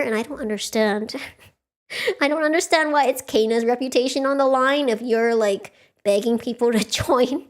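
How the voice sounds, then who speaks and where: A woman's voice: fairly high pitch, moderate pace. A young woman streaming a casual book club, recapping a story in a chatty way, laughing often and acting out the characters' lines.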